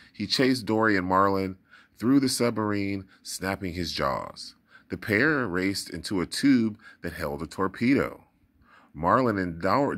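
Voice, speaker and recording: A man reading a children's storybook aloud in a deep, low voice. His delivery is expressive and dramatic, with lively rises and falls in pitch. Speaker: storybook reader. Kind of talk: read-aloud storybook narration.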